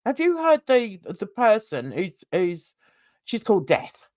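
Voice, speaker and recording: Woman, mild London-Essex accent, casual rambling chat host, unhurried delivery, dry close sound. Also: mid-range voice, sing-song, a little mellow, no echo. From England. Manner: chatty, rambling, laughs often. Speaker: channel host.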